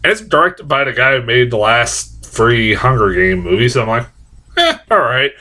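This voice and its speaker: A man's voice: medium pitch, normal speed. A young man giving a casual, rambling movie review that is full of swearing. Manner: animated, profane, rambling.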